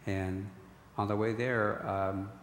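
A middle-aged man, his voice lowish and level, talks slowly as a guest sharing his personal faith story, earnest and full of restarts. Slight background noise sits under the echo of the hall.

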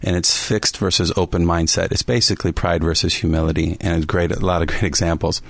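A man's voice: low voice, flat delivery, fast, gravelly, a bit bright, no echo. A man co-hosting a faith podcast, telling a story animatedly and laughing at himself often. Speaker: podcast co-host and basketball coach.

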